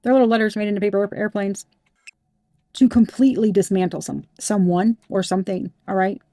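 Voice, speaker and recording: A woman's voice: mid-range voice, fairly even intonation, a little fast, warm tone, dry recording, studio quality. A woman giving a tarot reading to her viewers, emphatic and heated, swearing freely. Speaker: tarot reader.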